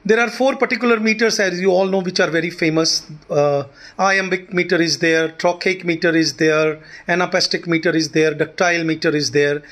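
Man, high voice, lecture, halting explanation. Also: steady tone, fairly bright tone. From India. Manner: explanatory, many fillers and restarts. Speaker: teacher. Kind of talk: short recorded lecture.

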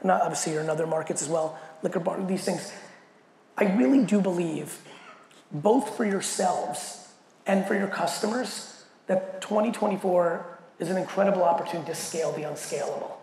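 A man giving a keynote talk, telling a story in an animated, profane way and acting out the quoted dialogue. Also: high voice, normal speed, vocal fry. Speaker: keynote speaker. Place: large event hall. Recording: echoey hall with faint noise.

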